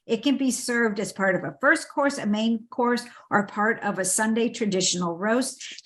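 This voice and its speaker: Chatty woman hosting a book club. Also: on the high side. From United States. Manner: chatty, with playful asides and frequent fillers. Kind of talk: casual book summary.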